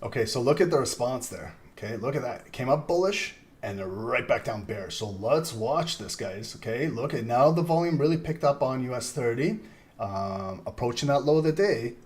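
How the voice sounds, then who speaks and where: Guy in his 30s doing casual live trading commentary, rambly, mid-pitched voice. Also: expressive, moderate pace, a little mellow. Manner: rambling, chatty, frequent laughter. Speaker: trading stream host.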